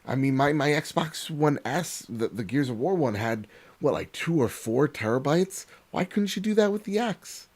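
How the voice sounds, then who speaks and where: A man hosting a casual podcast over a video call, excitable and swearing as he rattles off thank-yous. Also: a little high, normal speed. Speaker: podcast host.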